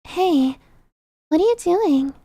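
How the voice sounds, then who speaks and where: A woman's voice: very high-pitched, expressive, slow pace, warm tone, no echo, pitched above the performer's own voice, full character voice. A woman voicing a cheerful, giggly young girl in a game, with a bubbly, laughing manner. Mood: bright.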